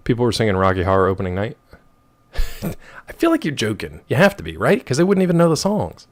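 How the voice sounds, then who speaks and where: A man in his thirties chatting casually with his stream viewers, rambling and wry, with a rough throat. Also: medium pitch, very animated, fairly quick. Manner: rambling, wry, reacts to chat messages.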